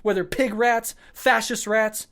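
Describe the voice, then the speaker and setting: A man's voice: high voice, steady tone, unhurried, a bit bright. A man hosting a podcast who delivers a fiery political monologue full of swearing and stacked short clauses. He is worked up and short on sleep. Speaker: podcast host.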